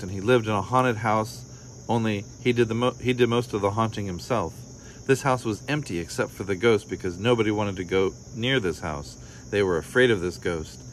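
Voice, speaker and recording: Man reading a picture book, low voice. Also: a little hiss or hum. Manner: gentle storytelling, voices the children's lines slightly higher and livelier. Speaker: storybook reader.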